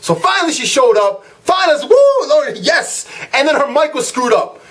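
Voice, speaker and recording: High-voiced young man ranting. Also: fairly quick. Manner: animated storytelling, acts out quotes, frequent "like" and restarts. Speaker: vlog host. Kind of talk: casual rant to camera.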